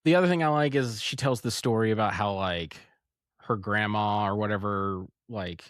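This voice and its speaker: A podcast co-host chats casually about a comic in a lowish, smooth voice at normal speed. He retells scenes in an animated way, acts out quotes, and laughs often, all in clean studio sound with no echo.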